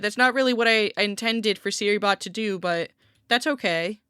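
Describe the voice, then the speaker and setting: A woman's voice: mid-range voice, moderate pace, a bit bright, clear, resonant tone, no echo, clean studio sound. A woman streaming live, chatting casually with viewers in a rambling way, laughing often and swearing lightly. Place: room at home by a window. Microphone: desk streaming mic.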